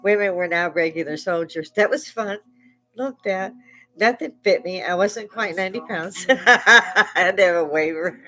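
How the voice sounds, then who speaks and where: A woman's voice: mid-range voice, moderate pace, bright, forceful tone, poor audio. Salty older woman spinning laughing stories. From Chicago. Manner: salty, laughs often, swears freely. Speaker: live-stream host. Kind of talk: casual storytelling chat.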